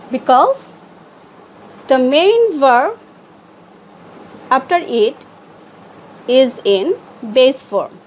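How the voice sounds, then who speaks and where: A woman English teacher giving an online class, explaining slowly and deliberately with pauses. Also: high voice, darkish tone, a little hiss or hum, low-quality recording.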